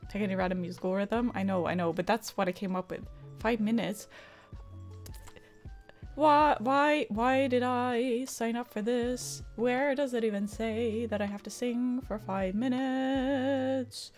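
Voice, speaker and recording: A woman's voice: fairly high pitch, fairly even intonation, moderate pace, darkish tone, soft background music. A woman streamer chatting and swearing live with her viewers, stressed and frazzled. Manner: frazzled, swearing, improvised singing. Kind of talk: casual live-stream chat.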